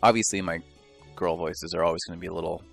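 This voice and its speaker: A man's voice: sits low, fairly even intonation, quick pace, vocal fry, fairly bright tone, soft background music. A man rambling and joking through casual let's play commentary, often stopping and restarting mid-thought. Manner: rambling, self-interrupting, joking.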